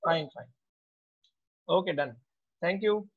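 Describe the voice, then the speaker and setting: A man, a teacher taking attendance in an online class in a slow, unhurried way. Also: a little high, expressive. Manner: slow, unhurried roll call. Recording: tinny, phone-like audio.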